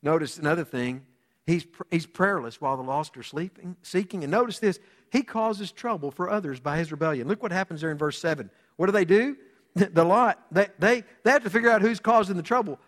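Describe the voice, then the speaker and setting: Male pastor, higher voice, dramatic sermon delivery, reverberant hall. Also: fairly quick. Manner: dramatic preaching, swinging from loud to hushed.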